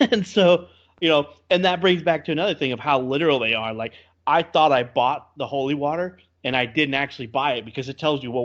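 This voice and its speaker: A man chats casually on a video game review podcast, telling his stories with lively energy. His voice sits at an everyday middle pitch. The recording is a little dull and lo-fi. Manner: chatty, animated storytelling with laughs. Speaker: podcast co-host. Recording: slightly dull lo-fi audio.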